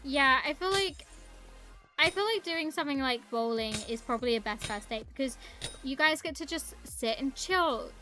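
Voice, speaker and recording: A woman's voice: high voice, animated, normal speed, sharp tone, soft background music. A young woman streaming a game, chatting in a rambling, casual way and greeting her viewers. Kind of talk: casual live-stream chat while gaming.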